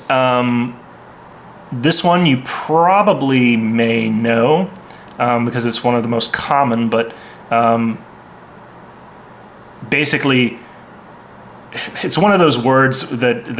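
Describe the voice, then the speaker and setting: A man's voice: mid-range voice, fairly bright tone, a little hiss or hum. A man giving a casual vocabulary lesson, hesitant, with lots of ums and restarts. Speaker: language teacher.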